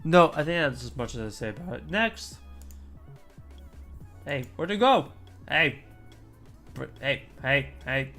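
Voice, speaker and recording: A man's voice: a little high, expressive, a little slow, long pauses, pushed and bright, soft background music. A man streaming a casual chat, talking in a rambling, chatty way with asides and mild swearing.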